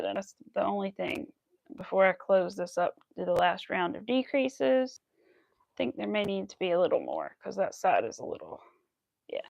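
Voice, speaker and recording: A woman chatting casually to her viewers while she crochets at home, rambling from one story to the next. Her voice is mid-pitched with a noticeable gravelly fry. The sound is close and dry, with no room echo. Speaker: crochet livestream host.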